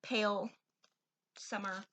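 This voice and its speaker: A woman's voice: mid-range voice, flat delivery, slow, sharp tone, a little hiss or hum, rough recording. A woman in casual, self-deprecating chat, laughing easily. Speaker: co-host.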